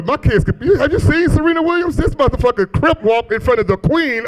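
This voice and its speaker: A man's voice: very high-pitched, expressive, fairly quick. A man in his thirties doing a loose, profane stand-up set in a small club, teasing the crowd and laughing at his own jokes. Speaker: stand-up comedian. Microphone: handheld stage mic.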